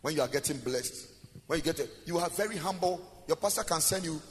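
A man from Ghana with a Ghanaian accent, preaching a sermon in a lively, sing-song way full of rhetorical questions, with an interpreter. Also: on the high side, fast talker, a little hiss or hum. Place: church hall. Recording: long church reverb.

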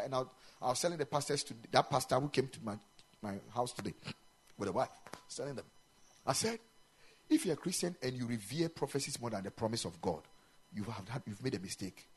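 A man preaching a sermon in a chapel, animated and emphatic, mixing in local-language phrases. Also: mid-range voice, quick pace, slightly rough. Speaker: pastor.

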